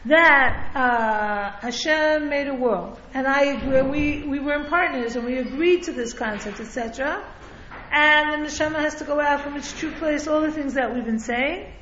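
With listeners in the room, a woman teaches a religious class in a chatty way, regularly asking "right?" and chuckling between points. She is a Torah teacher with a high, fairly bright voice at normal speed. The echoey, lo-fi recording has a little hiss or hum.

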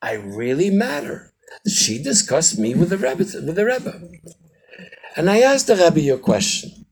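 An older man giving an informal Chassidic teaching to a small group, telling stories animatedly and swinging from loud exclamations to quiet asides. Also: husky, poor audio. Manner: animated storyteller, quick shifts from loud exclamations to low asides.

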